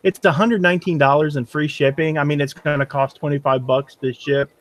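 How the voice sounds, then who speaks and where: A man's voice: fairly high pitch, fairly even intonation, a little slow, no echo. A man who resells online, chatting in a folksy, casual way and laughing as he talks. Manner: folksy, laughs while talking. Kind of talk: casual group chat.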